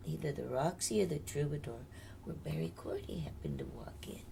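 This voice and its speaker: A woman's voice: low voice, brisk, gravelly, noisy background. An older woman, a singer, telling her life story in a candid, chatty interview and laughing often.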